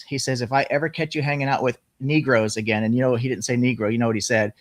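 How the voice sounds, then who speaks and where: A man telling a personal story in casual, profane conversation, animated as he goes. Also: mid-range voice, quick pace, hardly any pauses, dry recording.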